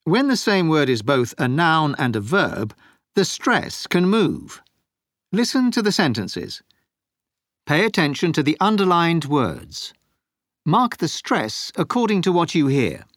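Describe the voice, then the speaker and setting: A man reading the instructions for a textbook listening exercise in a slow, measured way. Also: fairly high pitch, sing-song, a bit bright, no room sound, studio quality. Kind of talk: scripted lesson instructions.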